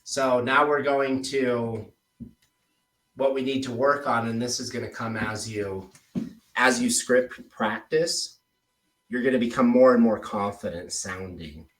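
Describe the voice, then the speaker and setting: A man talking through sales scripts with a trainee in a relaxed, conversational way. He speaks at an ordinary middle pitch. The recording sounds roomy, with a noticeable echo. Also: a little slow, recorded from a distance. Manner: relaxed, demonstrates tone with example phrases. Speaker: sales coach. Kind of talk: casual one-on-one coaching.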